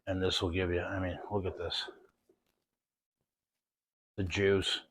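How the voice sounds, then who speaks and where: A fairly low-pitched man hosts a casual cooking demonstration. He sounds enthusiastic and folksy as he chats with his viewers. His delivery stays relaxed and conversational. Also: slow pace, husky. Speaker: cooking show host.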